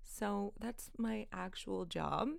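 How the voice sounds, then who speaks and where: A young woman hosting her own podcast, talking in a giggly, excitable way and swearing often. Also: medium pitch, takes it slowly, creaky, no echo, clean studio sound. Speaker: podcast host. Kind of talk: casual solo podcast.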